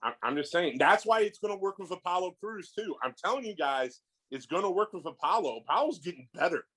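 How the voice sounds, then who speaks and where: A man's voice: sits high, animated, fairly quick, a bit bright, poor audio. A man co-hosting a podcast in casual chat, pressing his opinions emphatically. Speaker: podcast co-host.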